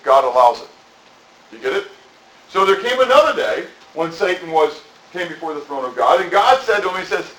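A man's voice: a little high, very animated, fairly quick, a bit bright, low-quality recording. A middle-aged man preaching a sermon in a conversational, rambling way, full of asides. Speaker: pastor. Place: church.

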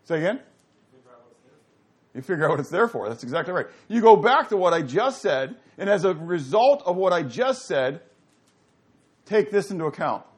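A man leads a Bible study class in a lively, questioning way. He keeps asking his listeners to answer and leans into loud emphasis on the words that matter. His voice sits a little high for a man. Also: normal speed, long pauses, breathy edge. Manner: animated, quizzes the audience, rising to loud emphasis. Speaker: Bible teacher.

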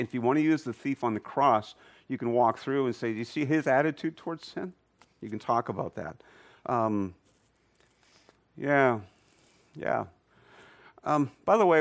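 A man of medium pitch giving an animated Bible lesson to a live group. He keeps questioning the listeners and pushes his voice up when making a point. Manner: animated, quizzes the audience. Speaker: church teacher. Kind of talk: Bible teaching to a class. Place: room with a live audience.

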